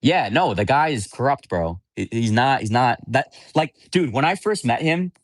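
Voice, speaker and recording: A man's voice: medium pitch, lively intonation, moderate pace, no room sound. Man, livestream host, casual chat with viewers, blunt and rambling, dry close sound.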